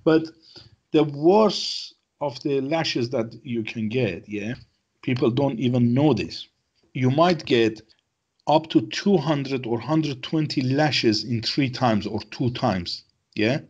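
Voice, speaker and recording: A man's voice: mid-range voice, slow, darkish tone, husky, lo-fi sound. A man from Iran with an Iranian accent, talking as a regular guest in casual chat, in broken English with frequent "yeah?" tag questions.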